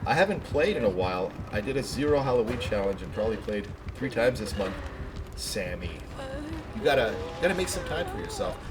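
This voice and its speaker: A man streaming a game live, chatty and excitable, talking to viewers between moves. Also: fairly low pitch, a little fast, background noise. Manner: chatty, excitable, laughs easily. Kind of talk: live gameplay commentary.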